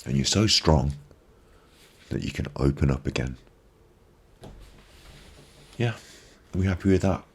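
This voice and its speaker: A man's voice: very deep voice, lively intonation, unhurried, pauses often, breathy edge. A man hosting a live stream, giving a reflective motivational talk on a binaural microphone and repeating phrases for emphasis. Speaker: ASMR live-stream host.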